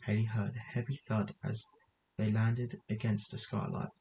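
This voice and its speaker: A man narrates a story aloud in a low, even voice that barely rises or falls. He trips over words now and then and goes back to fix them, with a faint hiss in the background. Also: normal speed, gravelly, low-quality recording. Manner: reads with frequent stumbles and self-corrections.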